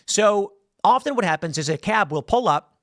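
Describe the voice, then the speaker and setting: A man talks straight to his listeners in a loose, conversational way, slipping into quick impressions of the people in his story. His voice sits a little higher than most men's. The sound is close and dry. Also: lively intonation, fairly bright tone, no room sound. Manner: conversational storytelling, acts out quotes. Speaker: political commentary host. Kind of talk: solo political commentary.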